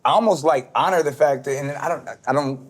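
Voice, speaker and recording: A man's voice: fairly high pitch, fairly quick. A man hosting a talk show, chatting in an enthusiastic and encouraging way with some rambling. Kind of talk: casual talk show chat.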